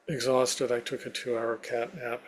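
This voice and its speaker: Male interview guest, mid-pitched, recounts his story in vivid steps, lots of "you know". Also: little pitch movement, moderate pace. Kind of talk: personal storytelling in a conversation.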